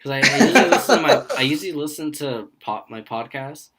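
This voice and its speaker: A young man co-hosting a casual podcast, rambling through stories from his jobs. He keeps pausing on fillers and slips into short impressions of coworkers and customers. His voice sits at an ordinary middle pitch for a man. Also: expressive, bright, forceful tone. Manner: rambling storyteller who acts out quoted voices. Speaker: podcast co-host.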